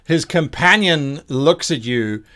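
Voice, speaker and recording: A man narrating as game master of a tabletop game, animated and quick with rules, laughing often. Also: on the high side.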